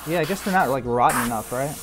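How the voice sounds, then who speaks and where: A man giving casual how-to commentary while he airbrushes, relaxed and loose, saying "like" and "man" a lot. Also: medium pitch, quick pace, background noise. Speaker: airbrush artist.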